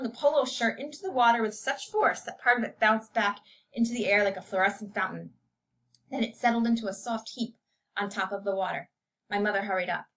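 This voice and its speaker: A woman narrating a short story in a measured storytelling voice. Scripted, steady reading. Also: mid-range voice. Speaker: audiobook reader.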